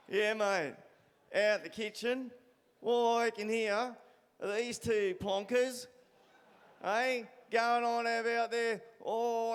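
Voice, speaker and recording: A man playing a brash Australian chef who talks in loud mateyness and shouts chants at a gala dinner. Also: very high-pitched, clear, resonant tone, full character voice. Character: brash, rowdy Aussie chef from the kitchen. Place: large banquet hall. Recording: hall reverb at a crowded dinner.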